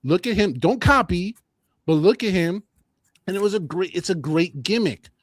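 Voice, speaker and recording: A man co-hosting a combat sports podcast, talking in a casual, animated and opinionated way, often repeating his phrases. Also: high-pitched, normal speed, no echo, clean studio sound. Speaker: podcast co-host.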